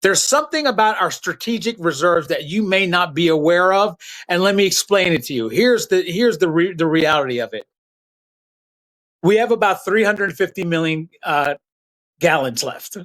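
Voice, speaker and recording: A man's voice: high voice, lively intonation, normal speed, fairly bright tone, low-quality recording. A man hosting a live political commentary stream, talking bluntly and with heat straight to his chat viewers, using loose slang and restarting his sentences. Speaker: political commentary livestream host.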